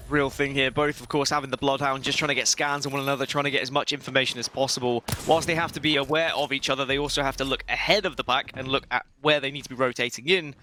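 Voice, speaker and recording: A young British man giving analytical color commentary on an esports match, steady but rising at big plays. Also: medium pitch, slight background noise. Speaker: esports caster.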